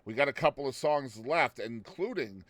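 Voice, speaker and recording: A man's voice: mid-range voice, expressive, normal speed, fairly bright tone, no echo. A man from Boston hosting a music show, talking in a loose, chatty way with lots of ums. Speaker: radio show host.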